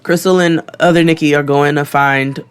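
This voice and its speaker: A podcast co-host spinning a wild story, cussing freely and jumping into the voices of everyone involved. His voice sits a little higher than most men's, and he talks with real energy. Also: moderate pace, clear, resonant tone. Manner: animated, profane, acts out quotes. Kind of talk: casual storytelling.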